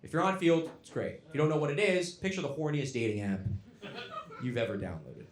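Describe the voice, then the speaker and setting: A young man from Florida doing a stand-up comedy set on a club stage, dropping to low mumbled asides and then shouting his punchlines. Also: big pitch swings, fast. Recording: roomy club sound. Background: audience laughter.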